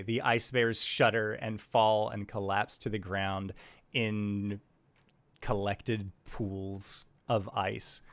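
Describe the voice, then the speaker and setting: Brief: male game master, unhurried dramatic storyteller, low-ish voice. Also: fairly bright tone, no room sound. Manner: slow, theatrical storytelling. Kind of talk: dramatic tabletop game narration.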